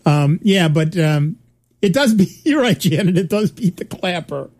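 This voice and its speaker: A man's voice: high-pitched, lively intonation, unhurried, darkish tone. A middle-aged man with a slightly raised voice tells stories in a loose, meandering way. He restarts his sentences often and keeps the tone of easy conversation among co-hosts. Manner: rambling, with many restarts and fillers. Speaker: podcast co-host. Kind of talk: casual chat, storytelling.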